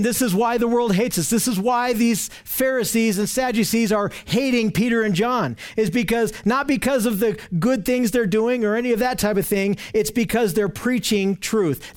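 A man with a high voice delivers a sermon. He presses his points hard, repeating key phrases and restarting sentences as he goes. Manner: emphatic, repetitive preaching with frequent restarts. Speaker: preacher.

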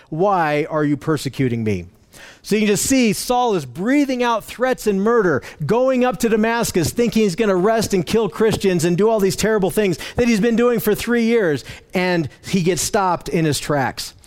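A man's voice: high voice, animated, normal speed, darkish tone. A man giving a verse-by-verse Bible teaching in a conversational way, with frequent fillers and restarts as he explains the text word by word. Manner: explains word by word, using slides.

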